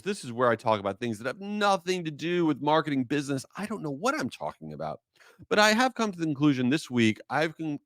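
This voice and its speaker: Male solo podcaster, big swings in pitch, worked-up rants, close dry mic. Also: dry recording. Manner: animated, exasperated storytelling. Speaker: podcast host.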